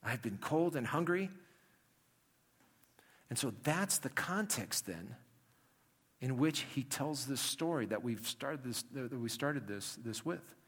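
A man teaching a Bible lesson from slides, reading scripture aloud with lively emphasis and adding wry asides. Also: medium pitch, unhurried, slightly rough. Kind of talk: classroom lecture with slides.

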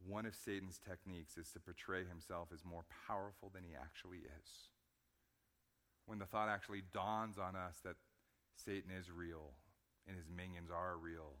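Male pastor preaching, bright tone, swings from quiet and low to loud and pressing. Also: steady tone, normal speed. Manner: building from hushed low passages to loud emphatic preaching; repeats words when emphasizing. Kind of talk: sermon.

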